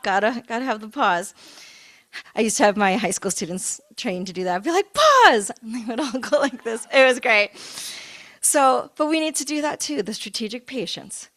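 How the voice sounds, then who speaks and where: A middle-aged woman minister giving a sermon in a conversational, expressive way, with playful asides. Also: a little high, moderate pace.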